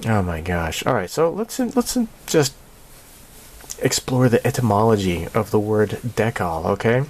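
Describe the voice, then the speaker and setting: Low-voiced, sarcastic rambling man. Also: very animated, a little slow. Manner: rambling and sarcastic, laughs often. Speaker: channel host. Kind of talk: casual monthly channel update.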